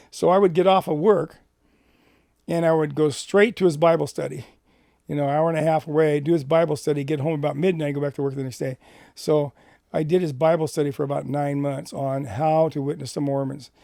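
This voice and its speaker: Gravelly man telling a church story. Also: fairly high pitch, a little fast, dry recording, clean studio sound. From Washington State. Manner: animated storyteller, acts out dialogue. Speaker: Christian ministry speaker. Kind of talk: personal storytelling.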